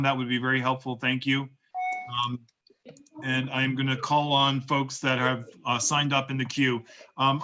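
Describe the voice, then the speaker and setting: A man chairing a virtual community meeting, calm and procedural, with frequent fillers. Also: fairly high pitch. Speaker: board chair running a meeting.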